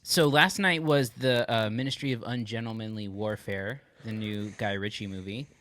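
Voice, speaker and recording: A man on a podcast reviewing a film in casual chat, hesitant and halting, filling gaps with "like" and "uh". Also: on the low side, fairly even intonation, fairly bright tone, dry recording, clean studio sound. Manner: hesitant, full of "like" and "uh". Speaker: podcast co-host.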